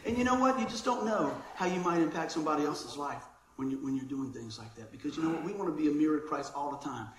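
A man's voice: a little high, expressive, fast, a crowd in the background. A man preaching a sermon in a church, casual and chatty, calling listeners man and bro. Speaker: pastor. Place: church sanctuary. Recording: roomy church echo.

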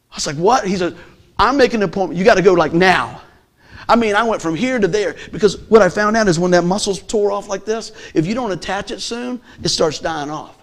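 Man giving a testimony, high pitched voice, storytelling, loud then hushed. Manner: storytelling with acted-out quotes, swings from loud to hushed. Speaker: gospel musician giving testimony. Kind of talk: animated testimony sermon.

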